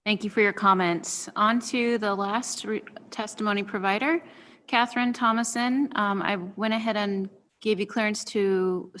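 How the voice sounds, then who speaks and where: Brisk woman moderating a meeting. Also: medium pitch, steady tone, a bit bright. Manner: brisk, procedural. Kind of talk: procedural meeting facilitation. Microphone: remote call.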